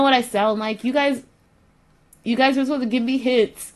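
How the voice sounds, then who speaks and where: A woman's voice: fairly high pitch, fairly even intonation, normal speed, pauses often, dull audio. A woman streamer chatting casually with her viewers, repeating herself and sounding mildly exasperated as she fiddles with her audio settings. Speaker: live streamer.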